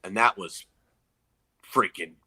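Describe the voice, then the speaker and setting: A man telling a story in casual chat, animated, acting out quoted people. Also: slow pace, breathy edge. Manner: animated storyteller, acts out quotes in loud high voices. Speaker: comedian guest.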